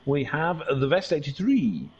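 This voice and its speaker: A man giving casual, jokey commentary on an online car race, chatty and excitable. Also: fairly high pitch, slow pace, creaky, dull audio, slight background noise. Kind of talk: casual sim racing commentary.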